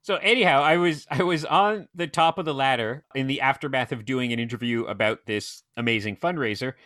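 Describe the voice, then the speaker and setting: Bright-voiced man telling stories. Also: mid-range voice, no echo, studio quality. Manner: animated storyteller, quick run-on anecdotes. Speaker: movie theater operator. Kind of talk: casual podcast chat.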